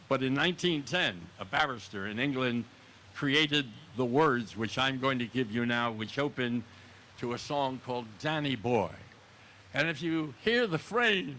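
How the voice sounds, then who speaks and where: A man's voice: a little high, bright, forceful tone, slight background noise. A man in his nineties, a veteran speaking solemnly at an outdoor memorial ceremony, repeating words for emphasis. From United States. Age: 90s. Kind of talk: ceremonial public speech.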